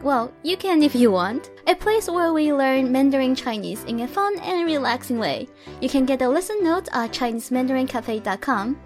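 A woman hosting a podcast language lesson, playful and correcting herself with little jokes, slowing down to model words carefully. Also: high voice. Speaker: Mandarin teacher and podcast host.

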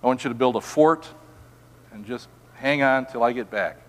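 A man's voice: mid-range voice, normal speed, voice pushed down, natural voice. Man doing a laid-back teacher guy telling his crew to sit tight, kinda mocking, echoey hall. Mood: mock-casual. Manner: offhand, mock-casual.

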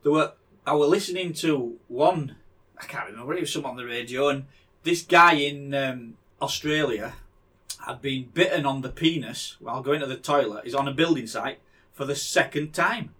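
A man's voice: mid-range voice, normal speed, bright, forceful tone, husky. A middle-aged man, co-hosting a podcast in casual chat and rambling, often repeating words as he starts a sentence. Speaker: podcast co-host.

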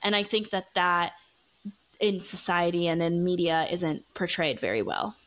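A woman's voice: fairly low pitch, a little slow, fairly bright tone. A woman who is a startup founder and content creator, guesting on a podcast and talking casually, upbeat and with many "like"s. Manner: upbeat, fills speech with "like". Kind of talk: casual interview chat.

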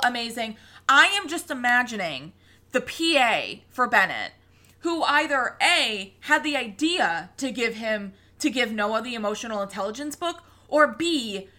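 A woman recaps a reality show in a loose, animated chat, with a fairly high, bright voice. She swears freely and slips into quotes of what people said.

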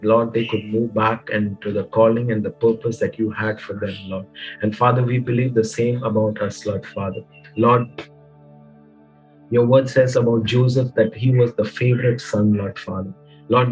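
A man preaches and prays in an earnest, steady way, his husky voice staying fairly flat. He keeps returning to "Lord, Father" between his phrases. Soft music plays faintly behind him. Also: medium pitch, poor audio. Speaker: pastor. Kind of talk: sermon and spoken prayer.

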